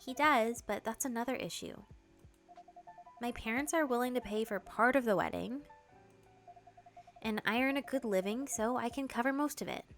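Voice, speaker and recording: A woman's voice: a little high, normal speed, long pauses, faint music behind, natural voice. A woman voicing an earnest, worried young woman planning her wedding, reading game dialogue. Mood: concerned. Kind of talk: game dialogue read-through.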